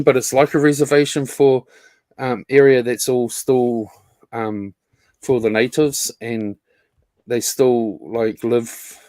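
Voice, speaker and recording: A man's voice: medium pitch, no echo. A man in casual chat on a stream, rambling and filler-heavy, swearing offhandedly as he talks.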